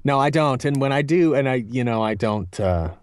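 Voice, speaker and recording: A man in his thirties with a medium-pitched, animated voice speaks at a moderate pace, with a faint hiss or hum in the background. As a voice actor guest in a casual interview, he answers questions in a rambling, self-deprecating manner, using lots of fillers.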